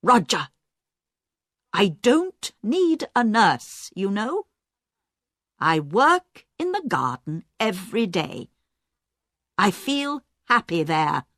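A stubborn, sharp-tongued woman of fifty, read by a woman. She speaks bluntly, slowly and with lively ups and downs. It is recorded close and dry. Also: medium pitch, no echo, exaggerated voice. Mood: resentful. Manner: blunt, complaining, slow and emphatic.

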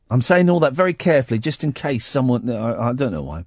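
A man's voice: medium pitch, very animated, a little fast, hardly any pauses, darkish tone, dry recording. A man hosting a late-night radio show, reading a tabloid story aloud with wry, mock-dramatic asides into a studio microphone.

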